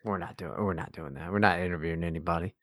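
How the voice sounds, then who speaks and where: A man's voice: sits low, fairly even intonation, fast talker, a bit bright. A man co-hosting a podcast, talking in casual, profane, mocking banter. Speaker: podcast co-host.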